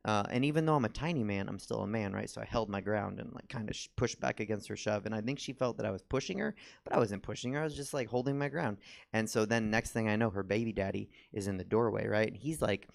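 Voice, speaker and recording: A man with a low, gravelly voice performs stand-up comedy. His delivery is rambling and self-mocking, and he slips into acted quotes as the story goes on. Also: quick pace. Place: comedy theater stage.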